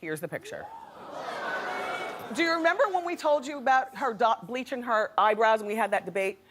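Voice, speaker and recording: A woman's voice: a little high, lively intonation, a little fast, a bit bright. A middle-aged woman hosting a daytime talk show, telling gossip stories in a chatty, dramatic way with frequent laughs. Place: TV studio with live audience. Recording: studio audience noise and crowd.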